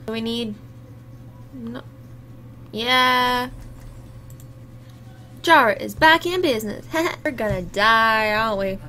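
Bright-voiced, high young woman gaming. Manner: chatty, exclaiming at the game, laughing. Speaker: gaming YouTuber. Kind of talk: live gameplay commentary.

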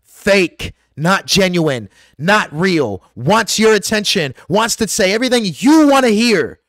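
A man's voice: high-pitched, big pitch swings, a little slow, a bit bright, no room sound, studio quality. A man delivering an aggressive, profane, preachy rant straight to his viewers as a vlogger. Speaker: conspiracy vlogger. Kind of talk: ranting monologue to camera.

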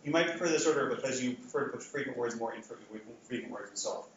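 A man's voice: mid-range voice, rapid-fire, a little hiss or hum. Guy giving a lecture, lots of restarts, sounds far off in a big echoey hall, kinda dull. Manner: conversational, frequent restarts and fillers. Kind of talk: academic lecture with audience polling.

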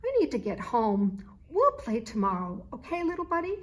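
A woman's voice: a little high, sing-song, normal speed. A woman voicing a caring storybook dog. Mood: gentle. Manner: earnest, warning tone. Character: caring male dog, protective older friend.

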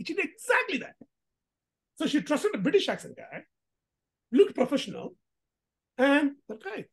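A woman hosting a casual commentary vlog, talking in an animated, emphatic way with rhetorical questions and restarts. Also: sits high. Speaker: host.

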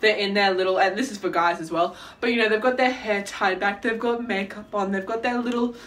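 A woman chatting to camera in a casual vlog, telling stories in an animated, dramatic, self-mocking way. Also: mid-range voice, a little fast, recorded from a distance. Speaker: vlogger.

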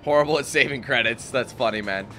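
Bright-voiced young man commenting on gameplay. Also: mid-range voice, quick pace, soft background music. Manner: chatty, swears when frustrated. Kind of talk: casual let's play commentary.

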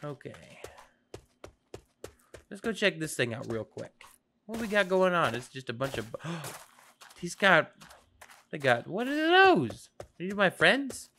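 A gaming video host giving excitable play-by-play commentary, chatting to the game's creatures and swinging between whispers and shouts. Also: medium pitch, slow pace, pauses often, slight background noise. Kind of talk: gameplay commentary.

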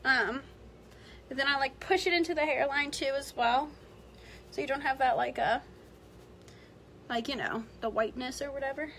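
A woman's voice: high voice, moderate pace, pauses often, fairly bright tone, slight background noise. A young woman chatting her way through a makeup tutorial livestream from home, rambling and saying "like" constantly. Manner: chatty, rambling, heavy use of "like". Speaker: beauty vlogger.

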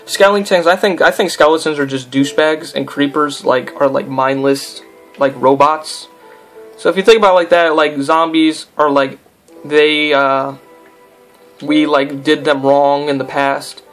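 Young male let's-player, slightly high voice, rambling and goofy, faint game music behind. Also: steady tone, a little slow, a bit bright. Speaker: gameplay commentator. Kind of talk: casual let's-play commentary.

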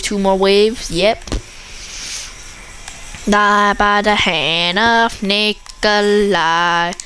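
Woman, gameplay commentator. Unhurried delivery, chatters excitedly at the game, faint hiss behind. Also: mid-range voice, rough recording. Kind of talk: casual commentary over a zombie shooter game.

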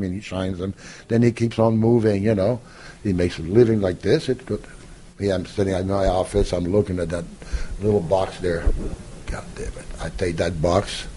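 Older man, podcast guest, animated storyteller, puts on quoted voices, frequent laughter. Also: fairly low pitch. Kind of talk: anecdotal storytelling.

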